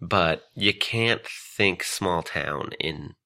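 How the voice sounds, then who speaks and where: A man's voice: sits low, very slow, sharp tone. A man, chatting casually as a podcast guest, rambling, joking at his own expense and laughing often. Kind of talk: casual interview chat.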